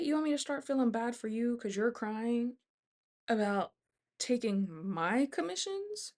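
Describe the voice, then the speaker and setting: A woman's voice: a little high, animated, normal speed, darkish tone. A young woman vlogger telling a casual storytime, animatedly retelling a work conflict with quoted dialogue.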